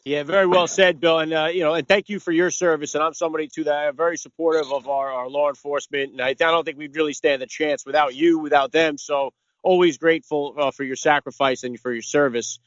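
A man's voice: on the high side, fairly even intonation, quick pace, no room sound, dull audio. A man hosting a podcast, talking in an upbeat, appreciative way. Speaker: podcast host. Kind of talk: casual interview hosting.

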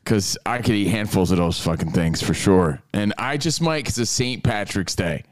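A man's voice: fairly low pitch, expressive, moderate pace, no echo, studio quality. A man hosting a casual chat show from a hotel, joking crudely and swearing freely. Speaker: show host. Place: hotel in Las Vegas.

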